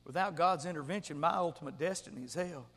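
A man preaching a sermon, his voice high and bright. He moves between hushed, intense passages and shouted peaks. The sound rings with the long reverb of a big hall. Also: quick pace. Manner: swings from quiet intensity to shouting. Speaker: pastor.

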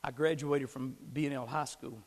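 A man preaching a sermon, swinging from shouting to hushed tones. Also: medium pitch, fairly even intonation, moderate pace, in a large hall. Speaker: pastor. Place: church sanctuary.

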